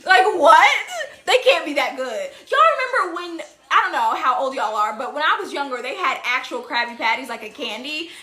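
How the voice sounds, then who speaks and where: A woman's voice: high-pitched, expressive, normal speed, pushed and bright. A young woman hosting a casual live stream from indoors, reading viewer comments into her phone, laughing often and acting out cartoon quotes in silly voices. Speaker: TikTok live host.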